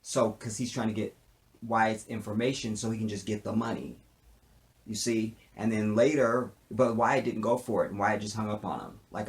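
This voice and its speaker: A man giving a casual recap of a TV drama episode, animated, with streetwise slang, often acting out the characters' lines. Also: on the low side. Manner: animated, acts out character lines in quick impressions; streetwise slang, repeats tag phrases. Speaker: TV show reviewer.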